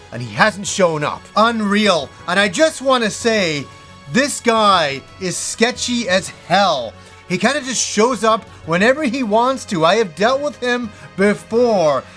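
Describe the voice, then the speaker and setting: A high-pitched man hosts a casual vlog and tells a story in an animated way. He acts out his own past reactions as he goes. Soft music plays faintly behind him. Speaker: host.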